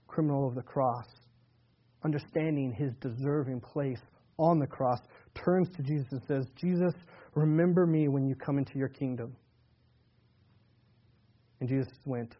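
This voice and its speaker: A pastor preaching a sermon with earnest emphasis, reading and explaining scripture passages. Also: male voice, a little high, normal speed, highs cut off. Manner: earnest preaching, surging louder on scripture quotes.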